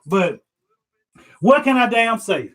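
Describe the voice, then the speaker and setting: High-voiced frustrated man ranting. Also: big pitch swings, slow, fairly bright tone, low-quality recording. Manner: rambling, repetitive, frustrated, swears often. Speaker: sports fan vlogger. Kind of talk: live stream reaction rant.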